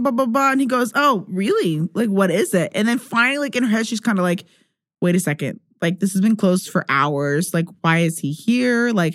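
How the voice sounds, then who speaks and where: A young woman co-hosting a podcast, excitedly retelling a novel's plot in casual chat with lots of filler words. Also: fairly high pitch. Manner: excitable storyteller, heavy "like" filler, acts out quotes. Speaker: podcast co-host.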